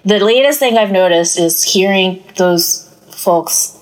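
A woman's voice: mid-range voice, slow, low-quality recording. A woman talking as a guest on a casual podcast, chatty and leaning on "like" as filler. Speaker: executive director of an arts organization, guest.

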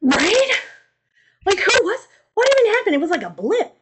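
A young woman co-hosting a podcast, retelling old stories in an animated, slangy, comedic way. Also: very high-pitched, moderate pace, background noise. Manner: animated, slangy, acts out voices. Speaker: podcast co-host. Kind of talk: comedic storytelling.

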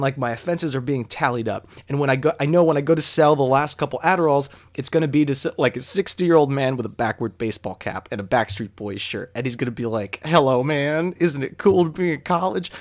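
A man telling a comic personal story in a self-deprecating way, swearing casually and swinging between hushed asides and loud outbursts. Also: medium pitch.

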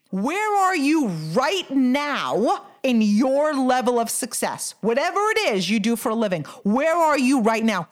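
A middle-aged woman hosting a motivational podcast, talking with energy and firing off rhetorical questions. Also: a little high. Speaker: podcast host.

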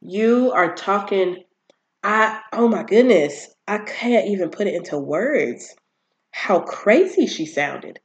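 Someone recaps a TV series casually on their own channel in a medium-pitched voice. They sound animated and exasperated, tossing in emphatic asides and quick impressions of the characters.

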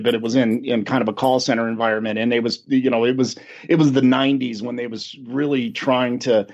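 A man's voice: medium pitch, darkish tone, highs cut off. A man co-hosting a podcast in casual chat, laughing often and telling stories with animation. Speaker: podcast co-host.

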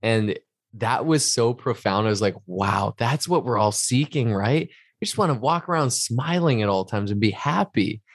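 A man's voice: medium pitch, lively intonation, normal speed, dry recording, clean studio sound. A man co-hosting a podcast, talking casually and earnestly in a reflective, motivational way. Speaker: podcast co-host. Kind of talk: casual chat.

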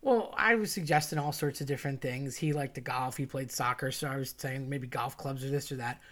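A woman casually telling a funny personal story, chatty and animated, quoting friends and family in dialogue. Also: extremely low pitch, brisk. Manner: chatty and animated, quotes others in dialogue, laughs at herself.

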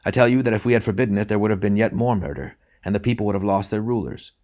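A man reading an audiobook, voicing a grave husband who speaks in a soothing, steady, reassuring way. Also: lowish voice, very fast, voice pushed up, natural voice.

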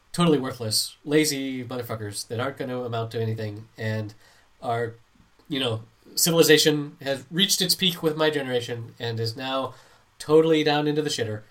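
A man's voice: mid-range voice, a bit bright. A middle-aged man and parent in casual chat, airing opinions and stumbling into his points.

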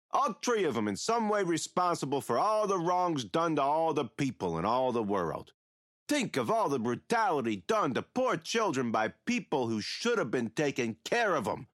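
An actor playing a rambling, mocking killer who taunts a captive priest in an audio drama. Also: male voice, mid-range voice, a bit bright, no echo, studio quality.

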